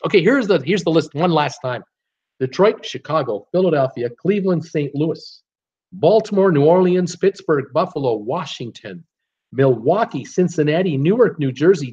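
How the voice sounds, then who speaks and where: A man's voice: a little high, animated, normal speed, darkish tone, breathy edge. A man hosting a casual live trivia stream, upbeat as he reads out viewer guesses and gives hints. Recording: dull lo-fi stream audio.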